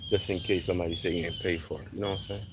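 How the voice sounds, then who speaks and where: A man telling a casual, animated story in slang, acting out quoted voices along the way. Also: deep voice, racing, slight background noise.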